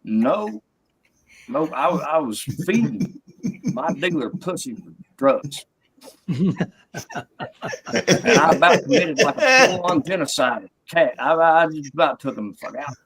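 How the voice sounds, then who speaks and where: Husky profane man telling a story. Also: fairly high pitch, animated, slow, long pauses, a bit bright, low-quality recording. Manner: crude, profane, rambling with stammered restarts. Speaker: comedian. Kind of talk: stand-up storytelling. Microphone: video call.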